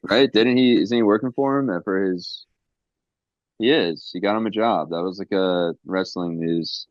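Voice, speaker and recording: A man with a low, deep voice rambling through casual podcast banter, swearing freely and dropping jokey asides. The sound is dry and close, with a slightly dull, muffled tone. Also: moderate pace, no echo. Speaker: podcast co-host. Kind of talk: casual chat.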